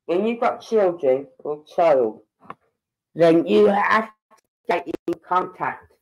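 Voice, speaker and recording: A woman's voice: on the low side, animated, slow pace, a little mellow, highs cut off. Brief: woman, 50s, true-crime live streamer, opinionated and indignant, roomy echo. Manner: indignant, opinionated, talks straight to viewers. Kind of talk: casual live commentary.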